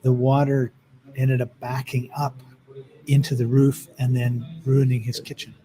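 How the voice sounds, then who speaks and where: A man's voice: mid-range voice, little pitch movement, measured pace, warm tone, rough recording. Chatty middle-aged man telling stories. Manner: chatty storyteller with many "like" and "right?" fillers. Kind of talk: casual conversation.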